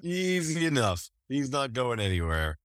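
A man's voice: mid-range voice, measured pace, no echo, studio quality. A man co-hosting a podcast, chatting casually and laughing often as he recaps old wrestling episodes. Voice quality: laughs often, wry and relaxed. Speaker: podcast co-host.

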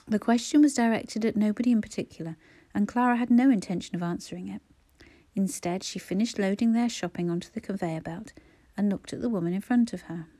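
Woman narrating a story in a mellow voice. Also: mid-range voice, brisk. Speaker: audiobook narrator. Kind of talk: scripted narration.

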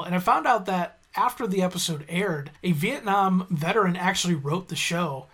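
A man's voice: high voice, a bit bright. A man hosting a podcast who chats casually through an episode recap, wandering off on tangents and correcting himself as he goes. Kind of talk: casual chat.

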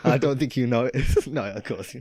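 A young man hosts a casual movie podcast from his spare room. He talks in a relaxed, joking way and teases his friend. The sound is close and dry, with no room echo. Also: mid-range voice, moderate pace. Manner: joking, dry teasing banter. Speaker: podcast host. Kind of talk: casual chat.

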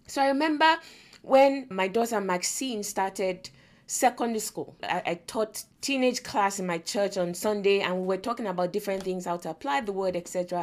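A woman in her forties with a Nigerian English accent and a mid-range voice hosts a faith-based parenting podcast. She's an animated storyteller who acts out what the people in her stories said and laughs often.

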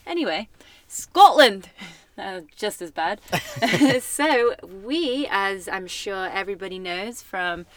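A woman co-hosting a podcast in casual chat, playful and teasing. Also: medium pitch. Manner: playful, teasing, quick laughs. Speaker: podcast co-host.

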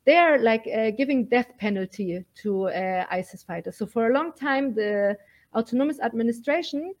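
Woman talking earnest and emphatic in an interview, slightly high voice, lots of likes and ums. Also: animated, moderate pace. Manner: earnest, emphatic, frequent fillers. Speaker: guest, militia fighter.

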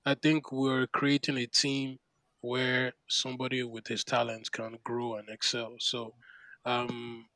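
A man co-hosting a laid-back podcast, talking at a mid pitch in long, rambling runs full of "you know" and "like." His delivery is animated and rises with excitement. The sound is dry and close. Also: slow, no room sound, poor audio. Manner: animated, rambling with many fillers. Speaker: podcast co-host. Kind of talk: casual chat.

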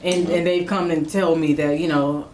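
A woman hosting a casual talk show, chatty and quick to react. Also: sits low, fairly even intonation, a crowd in the background. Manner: chatty, reactive, laughing asides. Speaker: host. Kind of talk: casual chat.

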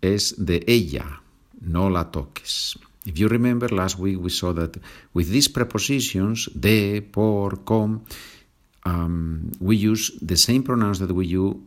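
A man with a Spanish accent, teaching a Spanish lesson in a slow and patient way and moving between example sentences and explanations. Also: deep voice. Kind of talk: language lesson podcast.

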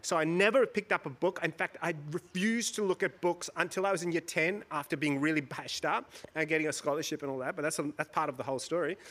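A man from India, middle-aged, sits on a panel in front of a live audience. His voice sits high for a man. He tells his story in an animated way, acts out the people he describes and laughs often. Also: quick pace, few pauses. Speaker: panel guest. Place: stage before a live audience.

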